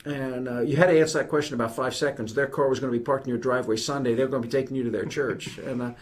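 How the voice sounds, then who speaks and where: A brisk, quick-spoken man in his fifties with a New York accent, talking as a guest on a podcast. He tells stories in an animated, emphatic way, with a voice of middling pitch. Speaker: guest, retired army general. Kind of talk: conversational podcast interview.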